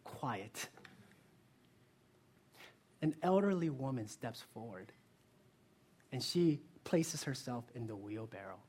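Husky-voiced pastor preaching a sermon. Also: male voice, mid-range voice. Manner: earnest, asks the listeners direct questions; lively storytelling.

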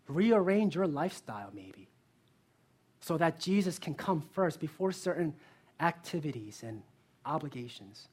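A male pastor delivers a sermon with a slightly breathy, husky voice. He talks earnestly and puts pointed questions straight to his listeners. When he tells a story, it comes alive with energy. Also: a little high. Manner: lively storytelling.

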